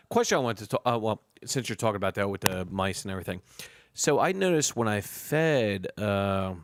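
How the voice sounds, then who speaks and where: Gravelly, animated male stream host. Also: lowish voice, normal speed, background noise. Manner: loose, laughing, swears freely, talks to chat. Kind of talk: casual live stream chat.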